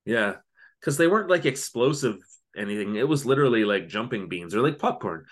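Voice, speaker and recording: A man co-hosting a casual podcast, walking through a TV episode scene by scene. He talks at a middle pitch and leans on fillers like "like" and "just". His retelling rambles and drifts along. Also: animated, a little fast. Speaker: podcast co-host. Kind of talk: casual chat recapping a TV episode.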